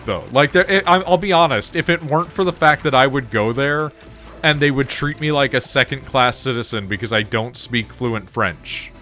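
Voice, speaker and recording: Male streamer, mid-pitched voice, loose and swearing, light music underneath. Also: bright, forceful tone. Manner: chatty and laughing, swears freely while telling anecdotes. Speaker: gaming streamer. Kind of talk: casual gameplay commentary.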